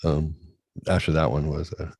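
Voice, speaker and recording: A middle-aged man hosting a crude, casual chat show, loud and laughing, often putting on high voices to mimic his kids. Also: level tone, normal speed, no echo. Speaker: podcast host.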